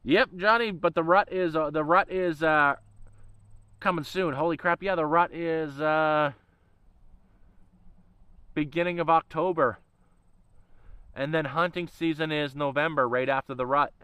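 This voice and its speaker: A man's voice: a little high, steady tone, measured pace, pauses often, bright, forceful tone, clear, resonant tone, no echo, rough recording. A man rambling in a casual livestream chat, swearing freely and laughing often. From Canada. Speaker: channel host.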